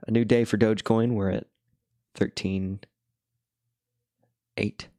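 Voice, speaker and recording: Very low-voiced man, dry close sound. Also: little pitch movement, slow pace, mellow, dry recording. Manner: rambling, laid-back storytelling with chuckles. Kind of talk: casual chat while drawing.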